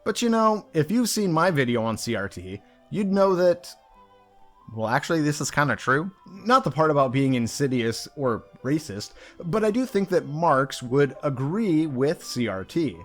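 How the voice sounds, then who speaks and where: A man's voice: a little high, very animated, normal speed, fairly bright tone, faint music behind. A young man reviewing a book in a casual commentary video, talking in a sarcastic, mocking way.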